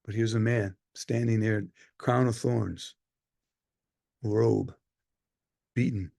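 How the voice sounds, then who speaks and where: A man as a gravelly, weary Roman centurion. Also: fairly low pitch, fairly even intonation, slow pace, dry recording, clean studio sound. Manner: storytelling, swings from hushed to loud. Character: weary Roman centurion telling his story. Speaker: actor in a one-man play. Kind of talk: dramatic monologue.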